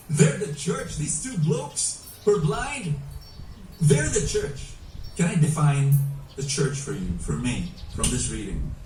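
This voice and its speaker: Male preacher, emphatic sermon, mellow tone, echoey room heard from a distance. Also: fairly high pitch, slight background noise. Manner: animated, emphatic preaching with rhetorical questions.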